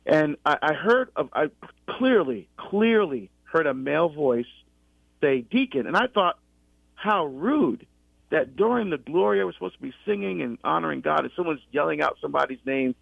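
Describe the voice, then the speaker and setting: A middle-aged deacon from the US East Coast in a conversational faith talk, telling his story with many restarts and animated quoted exchanges. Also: on the high side, moderate pace, creaky, dry recording. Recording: dull lo-fi sound.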